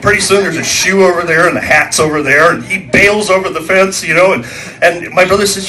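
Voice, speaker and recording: A man's voice: sits high, fairly quick, sharp tone. A man performing a stand-up comedy set for a small live audience, telling folksy stories and acting out the voices and sound effects.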